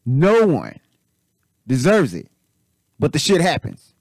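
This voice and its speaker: A man hosting casual commentary, rambling and repetitive, animated and swearing freely. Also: fairly high pitch, slow pace, gravelly, no echo, clean studio sound. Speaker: channel host.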